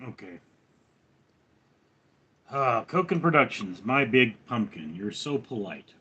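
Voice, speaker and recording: A man's voice: medium pitch, sing-song, slow, pushed and bright, breathy edge, muffled recording. A slightly tipsy man hosting a casual livestream, rambling and joking as he answers viewers' chat one by one. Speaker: livestream host reading chat.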